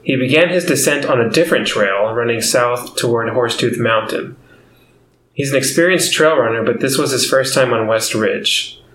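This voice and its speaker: A man's voice: medium pitch, moderate pace, fairly bright tone, a little hiss or hum. Man, podcast host, casual storytelling, frequent laughter, echoey room. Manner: laughs often, rambling with fillers. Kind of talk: casual comedic podcast chat.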